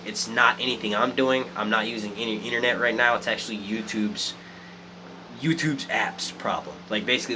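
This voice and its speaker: A man hosting a casual live stream, animated and swearing a lot as he reads out chat comments. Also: on the low side, noisy background. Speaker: youtube live stream host.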